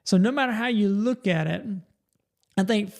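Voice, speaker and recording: Gravelly man giving a motivational talk. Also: sits high, moderate pace, a little mellow. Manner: folksy, repeats and restarts words. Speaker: podcast host.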